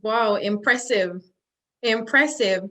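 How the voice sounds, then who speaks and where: A woman's voice: a little high, slow pace, bright, forceful tone. A woman hosting a casual interview, encouraging her guest with short replies. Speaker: host.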